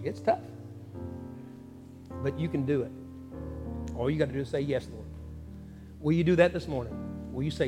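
A man preaching as pastor, his slightly raised voice carrying an earnest cadence full of pauses. The sound rings with a long church-hall reverb while a guitar plays clearly underneath. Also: a little high. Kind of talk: sermon with spoken prayer. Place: church sanctuary. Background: soft guitar music.

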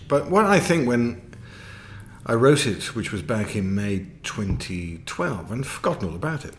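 A man, a podcast guest, telling anecdotes in animated fashion and laughing mid-sentence. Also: mid-range voice, measured pace. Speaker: podcast guest, political campaigner. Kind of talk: casual interview anecdotes.

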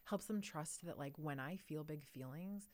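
Low-voiced reflective woman. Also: normal speed, dry recording. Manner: thoughtful, reflective, laughs often. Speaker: podcast co-host. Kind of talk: casual conversation.

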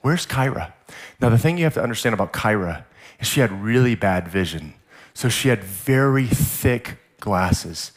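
A man preaching a sermon as a guest pastor, telling a story in a vivid, animated way. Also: fairly low pitch, normal speed. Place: church service.

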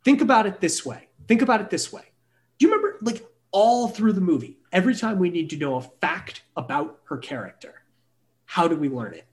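A man co-hosting a casual film podcast, animated and swearing freely as he argues his point. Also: high-pitched, a little fast. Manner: animated, swears freely, launches into mocking asides. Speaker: podcast co-host. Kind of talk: casual film review chat.

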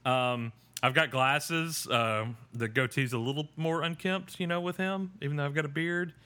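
A man's voice: fairly high pitch, normal speed, sharp tone, smooth. A man hosting a podcast, recapping a TV episode in a rambling, self-deprecating way. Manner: rambling, self-deprecating, with many fillers and restarts. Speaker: podcast host. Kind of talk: casual episode recap chat.

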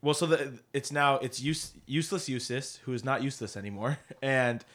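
A man's voice: mid-range voice, moderate pace, a bit bright. A man co-hosting a podcast, retelling a story in a rambling, laugh-filled casual chat with many restarts. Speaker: podcast co-host.

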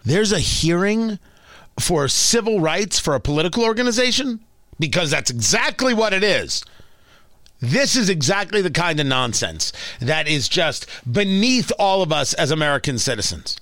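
A man's voice: fairly high pitch, sing-song, moderate pace, sharp tone, dry recording. A man hosting a talk radio show, delivering an opinionated monologue with emphatic, heated exclamations from a studio mic.

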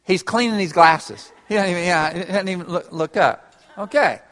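At normal speed, a pastor with a high-sitting, fairly bright voice delivers a conversational, interactive sermon, laughing along with the congregation. The church hall's sound is reverberant.

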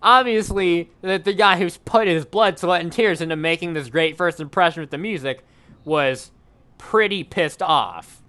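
A man telling a story in a casual podcast chat, rambling quickly with many restarts and fillers. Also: fairly high pitch, sharp tone, smooth.

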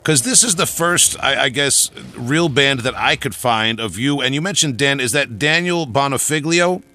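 A man's voice: medium pitch, animated, normal speed, bright, forceful tone. A man hosting a metal podcast, asking chatty, enthusiastic interview questions. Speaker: podcast host. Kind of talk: casual interview.

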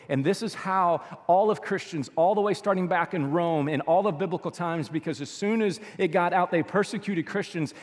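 High-voiced male pastor in an echoing hall. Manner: storytelling with swings between hushed and loud. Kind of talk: sermon. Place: church. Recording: long reverb of a large hall.

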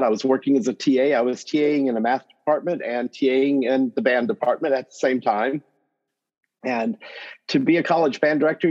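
A man from Northwest North Carolina with a North Carolina accent, a guest telling his story in a podcast interview in a relaxed, chatty way. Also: medium pitch, lo-fi sound. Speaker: guest, math education professor.

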